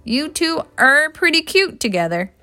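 A woman reading the lines of a kind young woman who speaks gently and sincerely. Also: fairly high pitch, unhurried, no echo.

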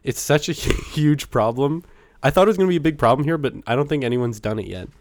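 A man's voice: medium pitch, fast talker, dry recording, clean studio sound. A man co-hosting a podcast in loose, joking banter, laughing often and rambling with fillers. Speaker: podcast co-host. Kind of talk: casual banter.

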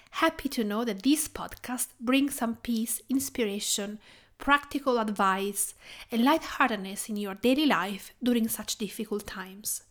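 A woman from Tuscany with an Italian accent, Italian her first language, hosting a cooking podcast in a measured, carefully read narration. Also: a little high. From Tuscany, Italy. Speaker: podcast host and cooking teacher.

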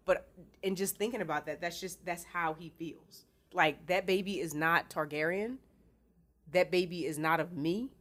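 Slangy, animated woman podcaster. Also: on the low side, moderate pace. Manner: animated, slangy, retells scenes in quoted voices. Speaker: podcast co-host. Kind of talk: casual book discussion.

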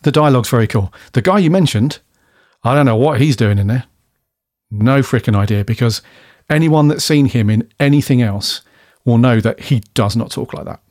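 A man's voice: medium pitch, normal speed, darkish tone, no room sound. Chatty man, dry close sound. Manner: laid-back and chatty, swears freely, laughs often. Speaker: podcast co-host reviewing a TV episode. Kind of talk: casual chat.

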